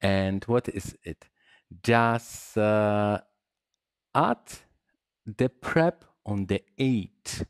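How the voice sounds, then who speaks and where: A man teaching salsa rhythm, counting beats and scatting the patterns aloud in halting English. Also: fairly low pitch, expressive, clear, resonant tone, dry recording, studio quality. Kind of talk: dance lesson explaining rhythm.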